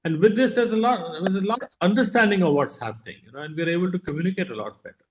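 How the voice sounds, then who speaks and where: A man's voice: sits high, racing, a little hiss or hum. Hesitant man speaking from a home study. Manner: hesitant, with many fillers. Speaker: content producer. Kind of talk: casual panel remarks.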